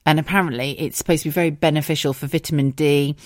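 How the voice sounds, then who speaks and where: A woman's voice: low-pitched, fairly even intonation, fast talker, a little mellow, dry recording, clean studio sound. An English woman in her thirties hosting a casual solo podcast, chatty and giggly, swearing freely. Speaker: podcast host.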